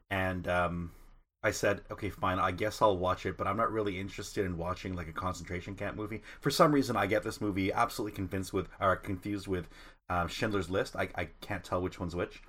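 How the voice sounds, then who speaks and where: A man with a very low voice chatting on a podcast panel. He sounds offhand and a little unsure of himself, padding his points with filler. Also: fairly bright tone. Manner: offhand and uncertain, with plenty of filler. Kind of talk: casual chat.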